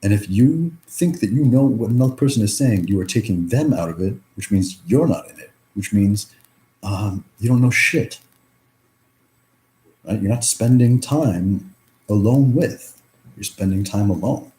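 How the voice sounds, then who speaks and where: A man's voice: fairly low pitch, animated, measured pace, mellow. A young man in a reflective personal monologue, rambling through many fillers and swearing freely. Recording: echoey room.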